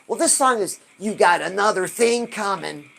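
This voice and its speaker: A woman hosting a live stream, giving an animated motivational talk and asking her viewers rhetorical questions. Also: medium pitch, normal speed, creaky, a little hiss or hum. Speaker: livestream host.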